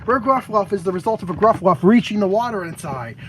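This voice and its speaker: A woman's voice: medium pitch, animated, quick pace, a little hiss or hum, low-quality recording. A young woman casually reading out her fan-game designs to a friend, stumbling and laughing at her own ideas. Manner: giggly, stumbling and self-mocking.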